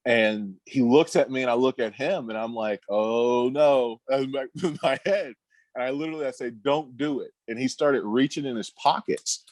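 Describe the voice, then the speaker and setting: Man, 30s, podcast guest, easygoing halting storyteller, mid-pitched, dry close sound. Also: dry recording. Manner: relaxed, halting, laughing storyteller. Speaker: guest, former pro basketball player.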